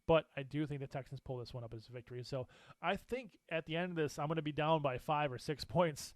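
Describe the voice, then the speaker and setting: A man co-hosting a casual sports talk show, animated and opinionated, laughing often as he makes his picks. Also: on the high side, fast, no echo. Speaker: co-host.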